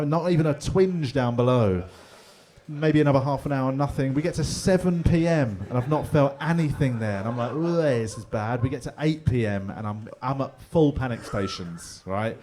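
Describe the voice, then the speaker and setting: Stand-up comic, man, forties, animated storyteller, middle-pitched voice, pub gig. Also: moderate pace. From England. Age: 40s. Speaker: stand-up comedian. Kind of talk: stand-up comedy set. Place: pub comedy room with live audience.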